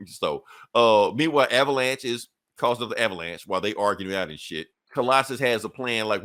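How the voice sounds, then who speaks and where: A man co-hosting a podcast who casually recaps a comic story, swearing often and slipping into quick voices for the characters. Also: medium pitch, expressive, a bit bright. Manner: profane, laughing retelling with quick character asides. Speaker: podcast co-host.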